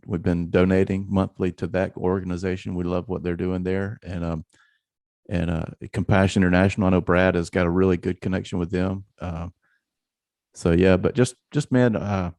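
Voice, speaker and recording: A man's voice: deep voice, a little mellow, no room sound. A man hosting a casual interview, asking earnest, rambling questions. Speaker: podcast host.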